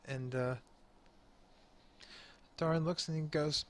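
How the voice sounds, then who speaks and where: Guy running a tabletop game on a headset mic, laid back and halting, lots of uhs. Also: on the high side, steady tone. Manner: casual, halting narration with fillers and laughs. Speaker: game master.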